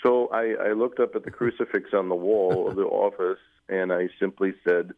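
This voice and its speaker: A deep, low-pitched man speaks over a narrow, phone-like radio line. He tells his story slowly and haltingly, pausing on fillers and restarting sentences as he remembers details. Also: little pitch movement. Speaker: newly appointed bishop, guest. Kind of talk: interview conversation, recounting memories.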